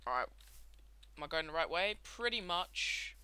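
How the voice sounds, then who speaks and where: A man's voice: on the high side, normal speed, clean tone. A young man with a sweary, ranting manner, commenting casually while he plays a game. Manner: swears a lot, ranting, excitable outbursts. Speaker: gameplay commentator.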